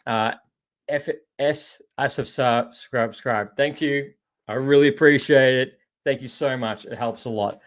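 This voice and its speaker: Australian man, podcast host, casual rambling chat, middle pitch, says mate a lot. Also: fairly even intonation, unhurried. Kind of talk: casual live-stream chat reading viewer comments.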